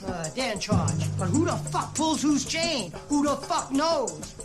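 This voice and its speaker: A paranoid middle-aged conspirator rambles and curses in a high, strained voice. A film scene with a loud musical score running under the dialogue. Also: male voice, sing-song, a little slow, loud music behind the voice, full character voice. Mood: cynical rambling. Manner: profane, cynical, rambling.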